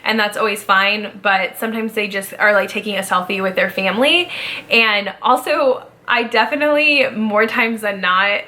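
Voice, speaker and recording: A young woman in her twenties tells stories in a relaxed, conversational vlog style. Her voice is bright and forward, at an ordinary pitch for a woman. She keeps an upbeat tone and fills her sentences with casual "like"s. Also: normal speed. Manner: chatty, upbeat, frequent "like" fillers. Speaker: vlogger, former theme park ride guide. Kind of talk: casual chat.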